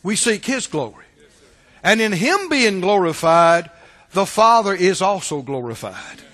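High-voiced preacher man in a reverberant hall. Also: sing-song, measured pace. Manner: emphatic preaching, swells to shouts and drops to hushed asides. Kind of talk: sermon.

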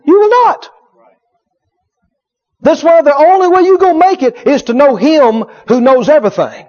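A man's voice: very high voice, a little fast, darkish tone. A man preaching a sermon, emphatic and repetitive, acting out quotes with humor. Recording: dull lo-fi sermon recording.

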